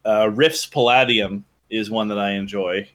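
A man in casual group chat, telling a long story in an animated, rambling way with restarts. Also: fairly low pitch, measured pace. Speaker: guest.

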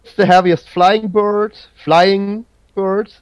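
A man's voice: high voice, flat delivery, slow, clean tone, no room sound, dull audio. A man hosting a casual podcast quiz. He halts, restarts and searches for his words. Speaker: podcast host running a trivia quiz. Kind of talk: casual chat.

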